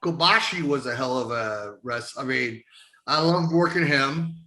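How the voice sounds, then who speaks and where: A man's voice: mid-range voice, measured pace. A middle-aged man telling wrestling stories in a casual interview, swearing often and laughing as he goes. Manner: profane, laughing, animated storyteller. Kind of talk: casual storytelling.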